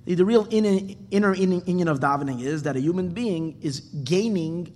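Animated high-voiced man in a reverberant hall. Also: a little hiss or hum. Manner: animated storyteller, acting out voices in the parable. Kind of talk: Torah class with a Hasidic parable.

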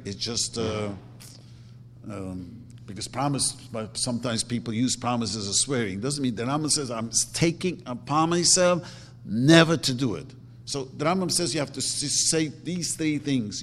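Guy teaching a torah class, emphatic, repeats himself, mid pitch, long hall echo. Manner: emphatic, repeats words, acts out quotes. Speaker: religious teacher. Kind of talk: Torah lecture.

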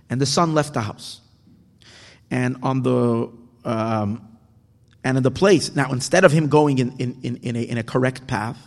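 A man reading and explaining a parable, halting often and restarting his words. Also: mid-range voice, darkish tone. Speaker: teacher. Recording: echoey hall with long reverb.

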